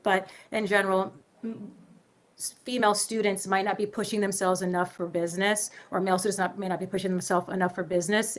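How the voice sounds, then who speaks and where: A woman's voice: mid-range voice, fairly bright tone. A woman on a school board asking questions at a public meeting in a casual, rambling way with many fillers.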